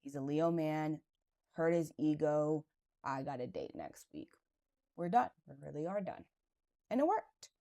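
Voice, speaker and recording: A woman with a low, mellow voice speaks in a personal podcast monologue. She tells her story candidly and confessionally, in a loose, conversational way full of "like" and "right". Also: sing-song, measured pace, long pauses. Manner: casual and conversational, with frequent "like" and "right". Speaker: podcast host.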